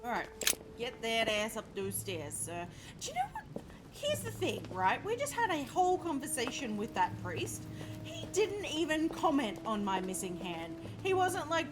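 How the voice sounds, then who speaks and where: This woman's fairly high voice swoops wildly in pitch at a moderate pace, with game music behind her on a webcam mic. She's live-streaming a game, joking around with viewers and swearing freely in her running commentary.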